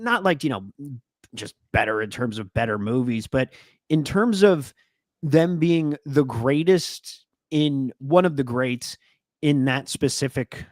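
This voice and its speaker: A man's voice: mid-range voice, no echo. Male podcast co-host, earnest, trails off, dry close sound. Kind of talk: casual sports podcast chat.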